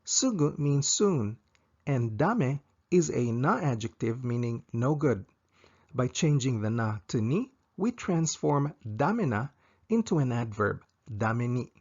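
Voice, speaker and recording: A man teaching a language lesson, saying each example slowly and repeating it twice. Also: mid-range voice, animated, a little mellow, highs cut off.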